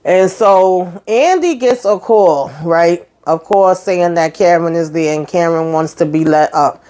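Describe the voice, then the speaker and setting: A woman's voice: lowish voice, measured pace, dark tone, smooth. A woman casually recapping a TV episode, retelling scenes in chatty vernacular with lots of fillers. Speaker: show recap host.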